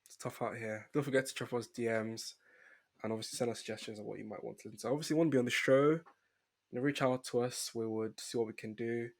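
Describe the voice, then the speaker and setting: A young man with a British accent hosts a casual podcast chat into a microphone. His voice has a gravelly, fry-edged texture at an ordinary pitch, and he jokes and laughs loosely as he talks. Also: fairly even intonation, fast talker. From Britain. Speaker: podcast host.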